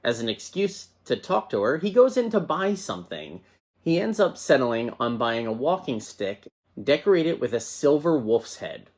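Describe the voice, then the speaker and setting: A man's voice: medium pitch, sing-song, normal speed. A man hosting a casual movie review show, talking enthusiastically and conversationally. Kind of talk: casual chatty film review.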